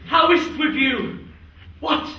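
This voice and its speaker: A student actor playing a boisterous, scheming drunken knight in a Shakespeare stage performance, loud and declamatory. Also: male voice, extremely high pitch, slow pace, full character voice. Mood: riotous. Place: theatre stage. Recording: echoey hall from far off.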